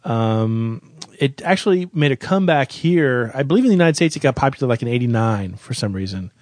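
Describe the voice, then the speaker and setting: A man's voice: medium pitch, lively intonation, fairly quick, darkish tone, no echo. A man co-hosting a comedic music countdown, tossing out dry, sarcastic one-liners. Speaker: co-host.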